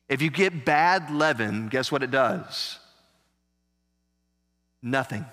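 A man pastor preaching a sermon in a church, animated, with joking asides to the congregation. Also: mid-range voice, slow pace, pauses often. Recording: echoey church hall.

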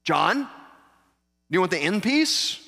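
Fretting hungry disciple guys, bright tone, echoey church, pastor doing them. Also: male voice, high-pitched, big pitch swings, takes it slowly, vocal fry, pitched above the performer's own voice, heavily acted. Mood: fretful. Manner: casual, fretting. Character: hungry grumbling male disciples, plain and fretful. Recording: reverberant church hall.

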